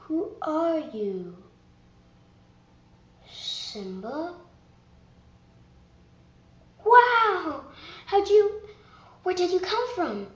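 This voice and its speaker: A woman's voice: very high voice, very animated, very slow, pauses often, reverberant, lo-fi sound, pitched above the performer's own voice, full character voice. A woman voicing an earnest young lioness in a pleading manner, as a fan voice audition.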